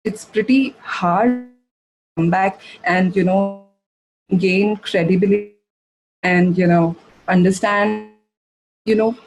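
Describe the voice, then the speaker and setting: A woman giving a masterclass, answering audience questions in a halting way, with many fillers and restarts. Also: mid-range voice, fairly even intonation, poor audio. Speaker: masterclass speaker. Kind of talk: live webinar Q&A answers.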